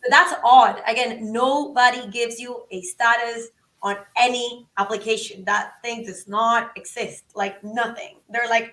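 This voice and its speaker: Woman guest, high, sharp voice, acts out dialogue, roomy sound from a distance. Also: steady tone, a little slow. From Venezuela. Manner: acts out both sides of conversations, exclaims. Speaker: podcast guest. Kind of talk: animated storytelling.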